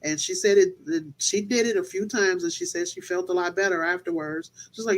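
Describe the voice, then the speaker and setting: A woman's voice: on the low side, fairly quick, hardly any pauses, low-quality recording. A woman hosting a casual interview show, chatty and storytelling, easy to laugh. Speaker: podcast host.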